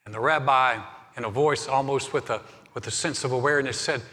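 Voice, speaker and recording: A middle-aged male pastor delivers a live sermon in a church, his bright voice ringing out with a long hall reverb. He tells stories in a relaxed, conversational manner and often restarts his phrases mid-thought. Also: medium pitch, fairly quick. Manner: storytelling, conversational with repeated restarts. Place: church sanctuary.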